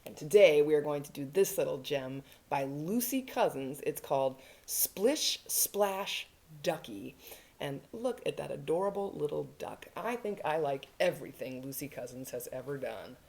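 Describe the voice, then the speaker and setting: A woman hosting a children's storytime, speaking to little kids in a warm sing-song way. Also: deep voice, expressive, moderate pace, few pauses. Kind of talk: children's storytime reading and singing.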